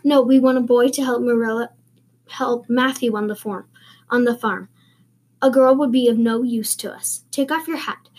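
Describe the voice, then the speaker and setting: Woman reading stern older farm woman, curt, sharp, mellow husky tone. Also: fairly high pitch, steady tone, normal speed, natural voice.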